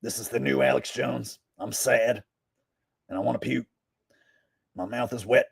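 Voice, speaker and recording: A man impersonating a defeated, tearful male talk-show host in a soft, whimpering, mopey voice. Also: mid-range voice, sing-song, measured pace, vocal fry, husky, exaggerated voice.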